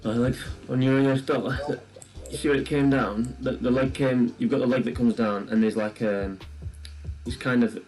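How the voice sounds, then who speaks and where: A man's voice: medium pitch, fairly even intonation, moderate pace, rough recording. A man co-hosting a live trading stream, talking through his chart levels in loose, teasing chat. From England. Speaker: forex live stream co-host. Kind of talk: casual chat while trading. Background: soft music.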